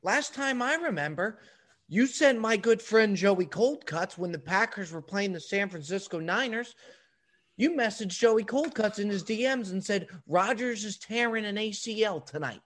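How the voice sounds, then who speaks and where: A man's voice: sits high, lively intonation, moderate pace, a bit bright. A man co-hosting a casual comedy podcast, lecturing his co-host in a needling, mock-serious way.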